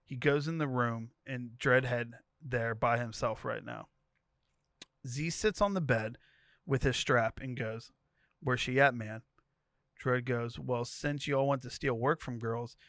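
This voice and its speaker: A man's voice: medium pitch, no echo. Guy on a podcast telling a crazy story, keeps laughing, does the voices, dry close mic. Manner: animated storytelling, laughing between lines; quick-paced, voices each character's quoted lines. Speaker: podcast co-host. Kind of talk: narrating a tweet thread aloud.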